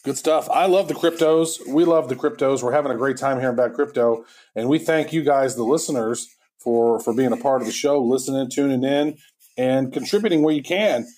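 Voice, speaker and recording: A man's voice: mid-range voice, fairly quick, a little mellow. A man co-hosting a podcast, talking in a chatty, rambling way with many restarts. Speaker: podcast co-host. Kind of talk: casual podcast chat.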